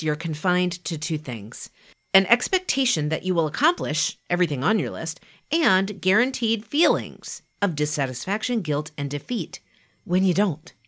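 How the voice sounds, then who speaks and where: Animated, low-voiced woman giving motivational talk. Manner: lively, emphatic, conversational. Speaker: inspirational podcast speaker.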